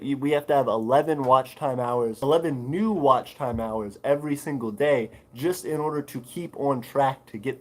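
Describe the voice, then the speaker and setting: A man's voice: mid-range voice, low-quality recording. Rambling man hosting a livestream. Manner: rambling, many fillers, reads chat aloud. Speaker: livestream host. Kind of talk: casual livestream chat.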